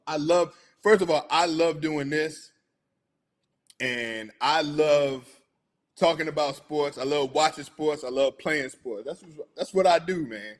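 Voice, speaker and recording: A middle-aged man hosting a casual sports talk show, chatty and hyped, laughing often. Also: on the high side.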